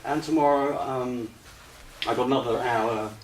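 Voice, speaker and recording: A man giving a slide presentation to an audience, hesitant with many ums, relaxed and gently humorous. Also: mid-range voice, normal speed. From United Kingdom. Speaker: lecturer. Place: retreat lecture room with audience. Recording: roomy echo, distant mic, faint hiss.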